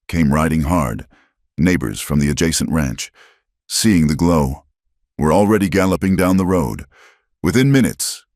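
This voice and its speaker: Very deep male voice, lively swooping pitch, dramatic western narration, dry close recording. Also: dry recording.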